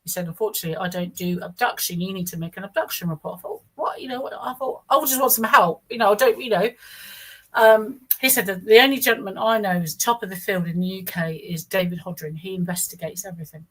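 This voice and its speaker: A woman's voice: lowish voice, fast talker, hardly any pauses, a bit bright, poor audio. A middle-aged woman, telling her own experience in a rambling, casual way, restarting sentences and acting out what others said. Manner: rambling, restarts often, acts out quoted speech. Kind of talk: casual first-person storytelling.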